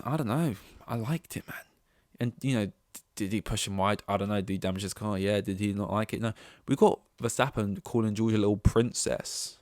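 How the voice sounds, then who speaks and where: A young man with a fairly low voice rattles through casual podcast commentary, excitable and swearing freely. He slips into quoted voices as he goes. The sound is dry and close, with no room around it. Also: dry recording. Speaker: podcast host.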